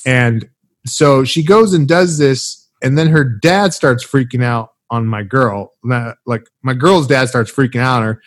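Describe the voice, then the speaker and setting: A man's voice: mid-range voice, a little slow, no echo. A man co-hosting a crude comedy podcast, telling profane stories with lots of swearing and acted-out voices. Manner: profane, animated storytelling with shouted quoted voices. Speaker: podcast co-host.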